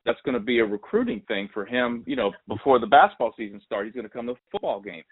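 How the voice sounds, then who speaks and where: A man hosting a sports podcast, telling a story in a lively, casual way and acting out the voices he quotes. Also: medium pitch, fast talker, breathy edge. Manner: animated, acts out quoted voices. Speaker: podcast host. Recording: tinny phone-like audio.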